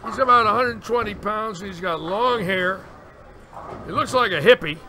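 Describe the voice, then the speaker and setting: A man's voice: sits high, normal speed. Guy in his 60s yarning away, acts out what people said, noisy recording. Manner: animated storyteller, acts out quotes. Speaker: bowling commentator. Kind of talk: storytelling in casual chat. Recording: noticeable background noise.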